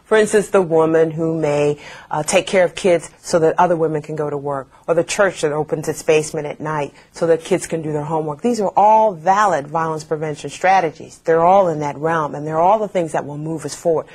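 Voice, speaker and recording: Low, husky woman explaining calmly. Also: a little fast. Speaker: interviewee. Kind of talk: documentary interview.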